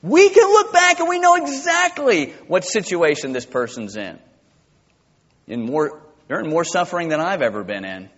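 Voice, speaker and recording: A male pastor preaching a sermon, impassioned and swinging from quiet to loud. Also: fairly high pitch, very animated, normal speed. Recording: dull lo-fi with long church reverb.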